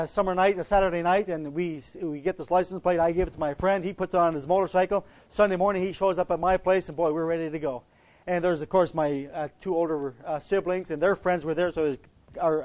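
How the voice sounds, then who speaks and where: A man's voice: a little high, a little mellow. A middle-aged man, a pastor, preaching a sermon in a folksy, rambling way, telling a personal story with frequent restarts. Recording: dull lo-fi recording.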